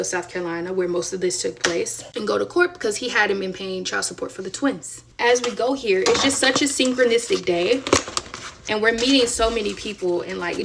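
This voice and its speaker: A young woman from Florida telling a dramatic family story in a chatty, animated way, with dramatic asides. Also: mid-range voice, gravelly. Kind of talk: casual storytelling. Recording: distant mic with audible noise.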